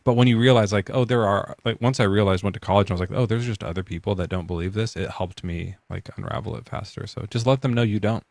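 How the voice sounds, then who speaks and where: Male host, very low gravelly voice, dry close sound, loose rambling chat. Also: quick pace, hardly any pauses, a little mellow, dry recording. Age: adult parent. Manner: rambling, filler-heavy, laughs often. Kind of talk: casual live-stream chat.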